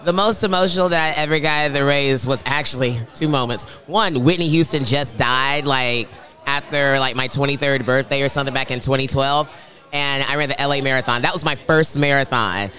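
A man's voice: medium pitch, fairly quick, sharp tone. A man in his thirties chatting as a marathon runner guest in a casual interview, playful and chatty. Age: 30s.

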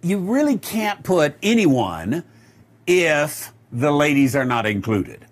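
A man teaching the Bible verse by verse, reading scripture aloud and explaining it, with many filler pauses. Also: fairly high pitch, big pitch swings.

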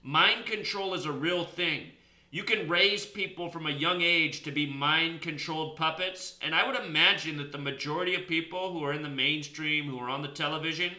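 Emphatic man with a very bright voice. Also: on the high side, moderate pace, echoey room. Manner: emphatic, lecturing, presses points hard. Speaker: host. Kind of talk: solo commentary video.

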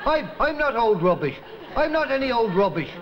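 Dim scruffy sidekick, high voice, heavy hiss on old TV audio. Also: male voice, big pitch swings, dull audio. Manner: slow on the uptake, echoing the other. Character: slow-witted scruffy male tramp sidekick. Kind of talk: 1960s TV sketch comedy.

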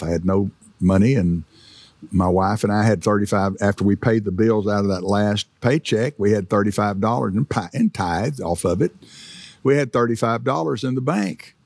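A man's voice: on the low side, vocal fry, darkish tone, slightly rough, no room sound. A middle-aged male pastor giving a sermon in a church, in a conversational preaching style with frequent fillers and restarts.

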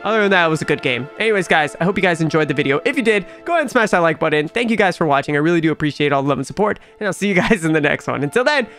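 A man's voice: a little high, lively intonation, very fast, few pauses, a bit bright, faint music behind. A young man commentating a horror game as he plays, jumpy and incredulous, talking back to what he sees on screen. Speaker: gaming YouTuber.

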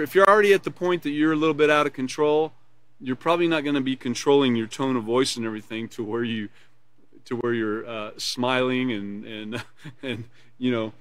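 Reading from a course manual, this instructor explains the material in an earnest way during a live online character education class, smiling and laughing while he teaches. He has a medium pitch, fairly even intonation and normal speed. The recording is dry.

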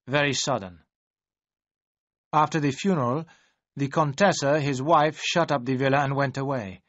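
A man's voice: medium pitch, a bit bright, no room sound, close to an everyday voice. A man doing a polite, worried villa servant. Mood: grave. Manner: formal, halting speech with polite address. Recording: dry, slightly dull audio.

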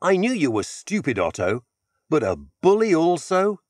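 Man voicing a schoolgirl, brave, scornful, cool, raised pitch, lively, dry close sound. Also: moderate pace, no room sound. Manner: cool, cutting.

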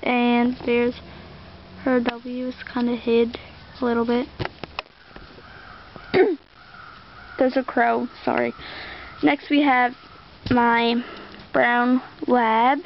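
Brief: young woman, slow, high-ish voice, rambling casual show-and-tell, muffled outdoor recording. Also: little pitch movement, creaky, slight background noise. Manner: rambling, chatty, lots of "like". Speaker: vlogger showing a toy collection.

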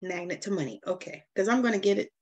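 A woman's voice: mid-range voice, animated, quick pace, crowd noise. A woman from Savannah with a Southern US accent, hosting a casual interview, chatty and affirming, laughing often. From Savannah, Georgia, US. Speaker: host.

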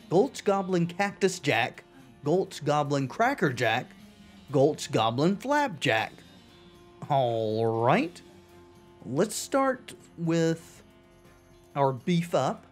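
A man hosting a video game playthrough, reading the game's text aloud and adding dry wisecracks. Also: fairly high pitch. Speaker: let's play host. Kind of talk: game commentary.

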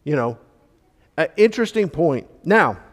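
Male church teacher, explanatory and emphatic, somewhat high voice, recorded with a long hall tail. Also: very animated, unhurried. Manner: explanatory, stressing key words, frequent fillers. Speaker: Bible study teacher. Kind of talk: teaching a church Bible class. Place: church classroom.

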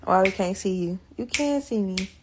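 A woman's voice: medium pitch, expressive, moderate pace, background noise. A young woman, a mother filming her baby, chatting casually and slangily to her viewers. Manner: laid-back, slangy, talks to viewers and baby. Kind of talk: casual vlog chat.

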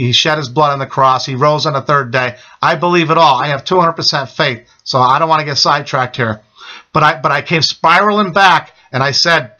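A man's voice: fairly high pitch, bright, forceful tone, dull audio. A middle-aged man telling a personal religious testimony in an urgent, repetitive way, often asking "okay?". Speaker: testimony speaker.

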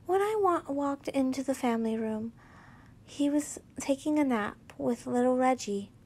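Casting: a woman reading fan stories aloud, casual and halting, with a fairly high voice at a slow pace. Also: expressive, a little mellow. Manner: halting, frequent restarts and self-corrections. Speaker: fanfiction reader.

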